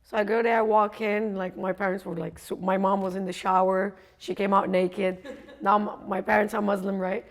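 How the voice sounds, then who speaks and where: A woman's voice: medium pitch, little pitch movement, moderate pace. A woman coach telling a personal story in a chatty way, laughing often and acting out what others said. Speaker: coach and speaker.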